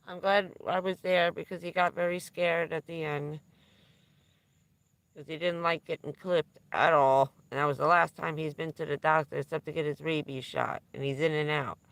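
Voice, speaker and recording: A woman's voice: low voice, fairly even intonation, moderate pace, gravelly, a bit bright, no echo. A middle-aged woman telling a candid, profane story on a livestream, laughing now and then through hard news. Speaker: vlogger.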